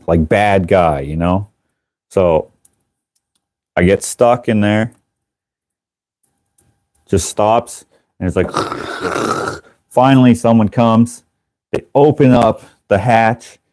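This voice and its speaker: A man hosting a live stream, telling a rambling, animated story with casual swearing and laughter, jumping into high voices to act out other people. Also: takes it slowly, pauses often, no echo, clean studio sound. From Canada. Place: indoors, working on a craft while streaming.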